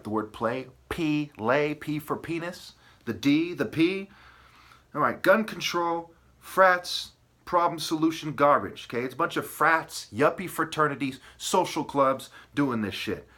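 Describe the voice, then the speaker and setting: A man's voice: on the high side, expressive, a little slow, pushed and bright. A man ranting to the camera, agitated and profane, hopping from wordplay to accusations and asking "okay?" and "right?" again and again. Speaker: video commentator.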